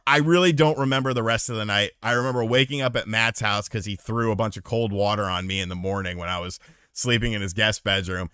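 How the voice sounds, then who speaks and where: A man's voice: lowish voice, quick pace, clean tone, dry recording, studio quality. A man hosting a podcast aftershow, telling a profane story in casual chat and answering viewers. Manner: animated, profane anecdote telling, reads live chat.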